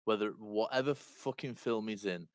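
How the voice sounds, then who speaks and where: A man's voice: fairly low pitch, normal speed, clear, resonant tone, dry recording, studio quality. A man chatting casually in a gaming voice chat, chatty and playfully indignant.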